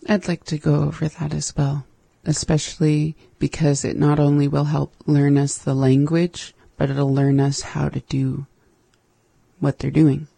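Co-host, slow flat delivery, gravelly husky voice, dry close mic. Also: mid-range voice, no echo. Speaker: language show co-host. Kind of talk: casual language-lesson chat.

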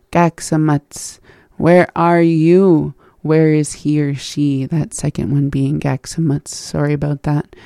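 A gravelly-voiced host teaches phrases at an unhurried pace, saying each one in parts before giving its meaning. The sound is close and dry, with no room around it. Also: mid-range voice, warm tone, no echo. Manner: repeats phrases slowly and breaks them into parts, then gives the meaning. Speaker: language lesson host. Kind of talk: teaching phrases by slow repetition.

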